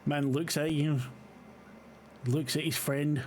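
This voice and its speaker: A man's voice: a little high, little pitch movement, takes it slowly, darkish tone, slight background noise. Hesitant man narrating a tabletop game. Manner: hesitant, many fillers. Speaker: game master.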